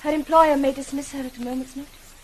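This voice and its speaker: An actress plays a proud young governess with a high, light voice in a 1950s television drama. She speaks politely and with restraint, and her voice trembles when she is upset. A faint hiss sits under the old recording. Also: fairly even intonation, quick pace, lightly acted, rough recording. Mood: tender.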